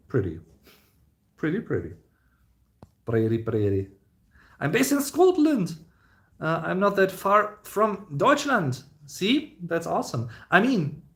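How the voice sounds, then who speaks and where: A man in his thirties with a German accent, hosting a casual live stream, reading viewer comments and rambling with many fillers and restarts. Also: medium pitch. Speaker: YouTube host reading live chat.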